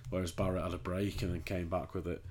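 A man's voice: deep voice, little pitch movement, quick pace, a little mellow, breathy edge. A man co-hosting a podcast, rambling and swearing in casual chat. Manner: sweary, rambling, laughs easily. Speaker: podcast co-host.

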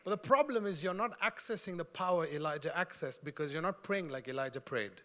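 A man preaching a sermon in an animated, joking way, often laughing and calling out to his congregation. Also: a little high, fairly quick.

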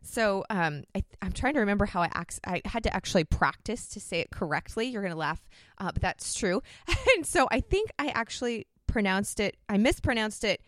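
A woman's voice: mid-range voice, sing-song, normal speed, no echo. Upbeat chatty woman podcast host. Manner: chatty and upbeat, laughs often. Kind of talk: casual podcast talk.

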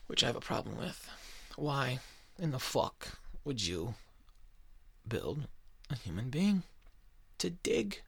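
A man's voice: medium pitch, big pitch swings, slow pace, creaky, long pauses, a bit bright, husky. A man hosting a casual podcast, talking in a profane, rambling and sarcastic way. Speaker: podcast host. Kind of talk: casual chat.

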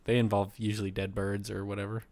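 A man's voice: lowish voice, little pitch movement, fast talker, darkish tone, dry recording. A man in casual chat, teasing his co-host and retelling a listener's story.

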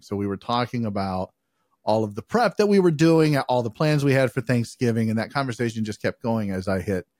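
A man's voice: lowish voice, a little mellow, no echo, clean studio sound. A man co-hosting a podcast, telling stories in a loose, rambling, profane way with lots of fillers. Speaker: podcast co-host. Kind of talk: casual chat.

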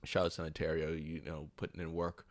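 A man's voice: a bass voice, level tone, a little fast. A man co-hosting a casual podcast, riffing with strong opinions and sports comparisons. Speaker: podcast co-host. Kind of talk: casual chat.

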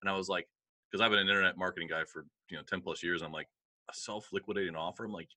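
A middle-aged man hosting a casual chat, excitable and animated as he retells a story. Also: low voice, very fast, no room sound. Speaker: podcast host.

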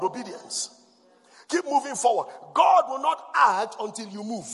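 A man preaching a fiery sermon, shouting and chanting repeated declarations and prayers. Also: extremely high pitch, lively intonation, moderate pace, creaky, slightly rough, in a large hall.

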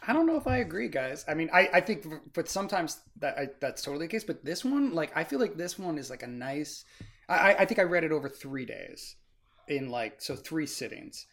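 A man talking casually about a book with friends. His voice sits a bit higher than most men's. He rambles, circling his point with constant fillers. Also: big pitch swings, a little fast, gravelly, a bit bright. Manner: rambling, full of "like" and "you know". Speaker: book discussion co-host. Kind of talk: casual chat.

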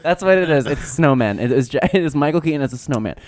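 A man's voice: on the high side, expressive, darkish tone, dry recording. A man chatting on a podcast, restarting sentences often and laughing as he tells a story. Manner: halting, repeats words, laughs often. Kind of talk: casual podcast chat.

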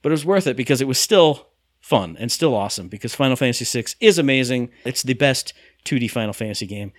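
A man hosting a casual podcast, talking enthusiastically with some halting restarts. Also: medium pitch, animated, no room sound, studio quality. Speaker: podcast host.

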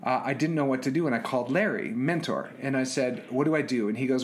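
A middle-aged man telling personal stories about being a father, animated, often repeating words and restarting sentences. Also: medium pitch, fast talker, hardly any pauses. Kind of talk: casual storytelling.

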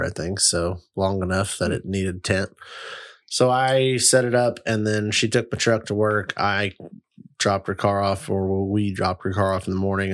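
A young man casually telling a long, rambling story, swearing freely and getting animated. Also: fairly low pitch. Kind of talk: casual chat.

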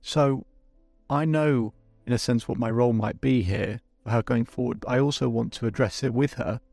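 A man's voice: mid-range voice, creaky, darkish tone, dry recording, soft background music. A man working as a life coach, speaking reflectively to his listeners and his client, often restarting his sentences. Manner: reflective, halting with many restarts. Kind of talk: coaching session with asides to listeners.

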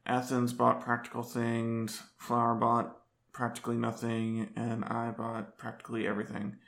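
A man playing in a tabletop game, recapping the last session in a halting, wry way with many fillers. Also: mid-range voice, monotone, vocal fry, fairly bright tone. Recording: echoey room.

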